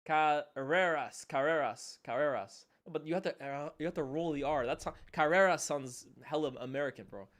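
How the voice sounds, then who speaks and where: Excitable young streamer man, slightly high. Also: fast, few pauses. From Canada. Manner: casual slangy chatter, loud reactions then quiet asides. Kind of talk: live match watchalong commentary.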